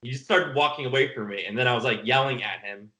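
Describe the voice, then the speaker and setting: A man's voice: medium pitch, fast talker, pushed and bright, poor audio. A man telling stories in a casual interview, rambling and laughing often. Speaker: film director guest. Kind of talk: casual video-call interview.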